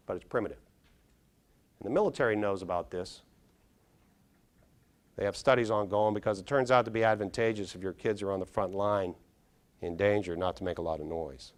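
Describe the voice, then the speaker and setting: Animated middle-aged man giving a keynote. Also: fairly low pitch. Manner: animated, quizzes the audience, acts out scenes. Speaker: neuropsychologist speaker. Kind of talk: conference keynote talk. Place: large conference hall.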